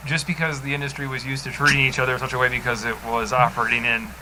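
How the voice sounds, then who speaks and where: A man's voice: medium pitch, flat delivery, racing, noisy background. A man co-hosting a casual podcast, wry and amused in his talk. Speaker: podcast co-host.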